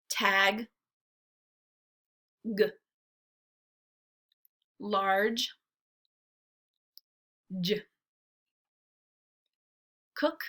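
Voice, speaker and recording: Slow, crisp-voiced woman teaching phonics. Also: mid-range voice, sharp tone. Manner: slow, clear, deliberate word-by-word modeling. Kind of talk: phonics drill for young children.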